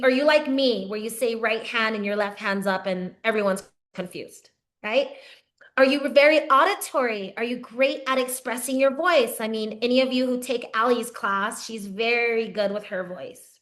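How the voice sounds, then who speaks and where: A woman with a somewhat high voice leads a yoga teacher training session. She lectures conversationally, shifting her pace and often pausing to check in with the group. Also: fairly bright tone. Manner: conversational, frequent "right?" check-ins, varied pace.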